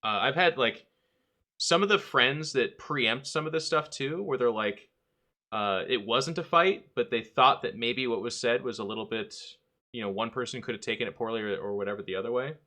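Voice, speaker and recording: A man's voice: medium pitch, moderate pace, sharp tone. A man hosting a podcast in casual chat, candid and rambling, often acting out quoted dialogue. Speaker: podcast host.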